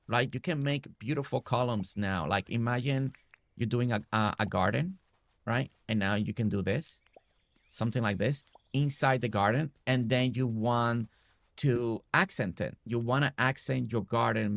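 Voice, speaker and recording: A man's voice: medium pitch, moderate pace, vocal fry, no echo. A man streaming a game, casually talking through a building tutorial step by step and often checking in with "right?".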